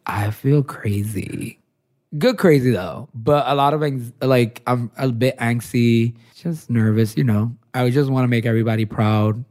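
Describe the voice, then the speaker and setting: A man's voice: mid-range voice, unhurried, a little mellow. A young adult man, a fashion designer, chatting in an interview and telling personal stories with lots of filler "like"s. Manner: chatty storytelling, many filler likes. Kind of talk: casual interview chat.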